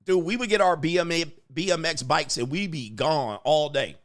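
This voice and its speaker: A man's voice: a little high, moderate pace. A man hosting crude casual commentary, laughing and swearing as he tells stories. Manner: profane, laughing, storytelling. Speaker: livestream commentary host.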